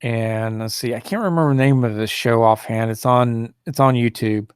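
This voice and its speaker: A man's voice: medium pitch, moderate pace, clear, resonant tone, no echo, studio quality. A man hosting a solo talk show, rambling and indignant, with many fillers and restarts, who mocks opposing views in a raised, sneering voice.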